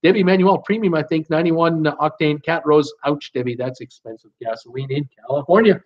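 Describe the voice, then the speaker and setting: A chatty man, fairly high-pitched, reads viewer comments aloud on a live stream. His talk is casual and full of "uh" fillers. The audio is a little dull, like a desktop mic on a stream. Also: brisk. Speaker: host of a live cruise Q and A stream.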